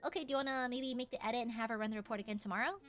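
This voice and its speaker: A woman voicing a relaxed, gentle veteran female coworker who never gets angry. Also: fairly high pitch, very fast, soft background music, voice pushed down, natural voice. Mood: calm.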